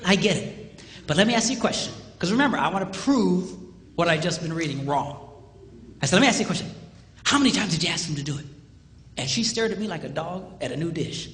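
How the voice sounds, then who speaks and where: A man's voice: fairly high pitch, fast, big-room sound. A man preaching, a pastor telling a humorous story and acting out the dialogue. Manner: animated, acts out quoted dialogue, jokey.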